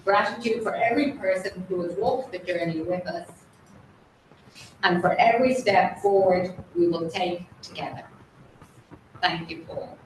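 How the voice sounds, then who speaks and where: A woman chairs a meeting with a measured, formal speech. Her fairly low voice sounds far from the mic and rings through a very echoey hall with a faint hum.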